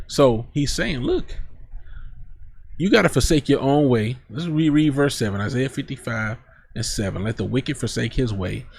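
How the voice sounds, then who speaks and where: Male preacher, husky voice, reads verses then riffs bluntly in casual street talk. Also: mid-range voice. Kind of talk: scripture teaching.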